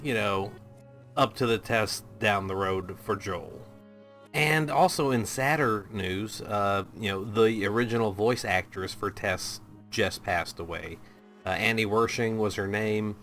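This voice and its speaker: A male reaction host with a lowish, bright and forceful voice. He talks casually and loosely, rambling and swearing freely. His asides are self-deprecating. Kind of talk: casual commentary to camera.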